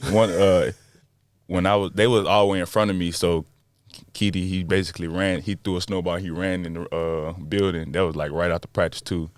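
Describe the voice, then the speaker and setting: Young Southern American man, very low voice, dry close mic, relaxed slangy podcast guest. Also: a little fast, no echo. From Montgomery, Alabama, USA. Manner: laid-back, slangy, chuckling. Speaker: guest basketball player. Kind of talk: casual interview chat.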